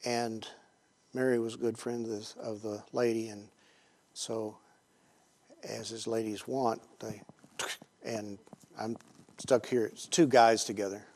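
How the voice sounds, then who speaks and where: A man preaching to a group in a storytelling sermon, conversational and halting, with many pauses and fillers, swinging between hushed and loud emphasis. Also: lowish voice, level tone. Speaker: Christian teacher speaking to a group.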